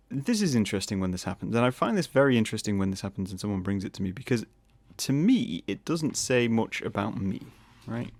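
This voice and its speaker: A man hosting a solo podcast, rambling and joking, often slipping into quick put-on voices. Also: on the low side, vocal fry, darkish tone, breathy edge. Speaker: podcast host.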